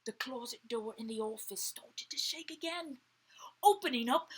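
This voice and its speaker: A woman reading a story aloud to children, animated, often dropping to a whisper to ask the listener questions. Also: fairly high pitch, moderate pace, breathy edge, poor audio.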